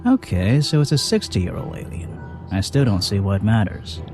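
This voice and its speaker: Gruff sarcastic detective, game character, lively up-and-down delivery, faint music underneath. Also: male voice, lowish voice, moderate pace. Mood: skeptical. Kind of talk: video game voice acting.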